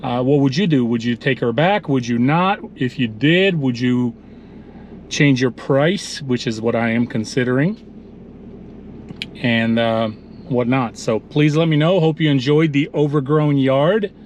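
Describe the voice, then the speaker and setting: A man's voice: mid-range voice, a little slow, a little mellow, slight background noise. A man chatting casually as a lawn care vlogger, telling stories to his viewers outdoors. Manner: chatty, storytelling, addresses viewers as ninjas. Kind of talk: casual vlog narration. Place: outdoors at a yard.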